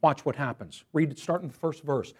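Husky, high-voiced animated male pastor. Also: a little fast. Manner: animated storytelling preacher. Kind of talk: sermon.

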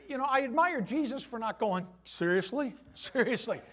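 A middle-aged man preaches a sermon in church. His voice sits high and swings widely in pitch. He acts out little voiced asides as he goes. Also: animated, fairly quick. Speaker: pastor.

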